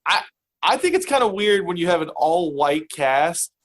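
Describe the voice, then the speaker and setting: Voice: medium pitch, sing-song, moderate pace, a little hiss or hum, rough recording. A podcast guest in casual chat, talking hesitantly with many fillers and restarts.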